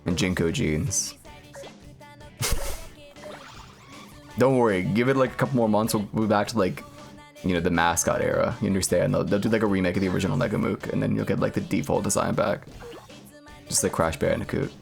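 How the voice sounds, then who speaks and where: A man streaming a game and chatting casually, rambling with lots of filler words and deadpan jokes. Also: low-pitched, fast, vocal fry, faint music behind. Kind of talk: casual gaming stream chat.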